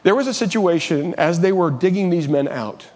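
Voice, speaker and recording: A man's voice: sits high, animated, moderate pace, darkish tone. A man preaching a sermon as pastor, earnest, often restarting and repeating phrases, rising when he urges.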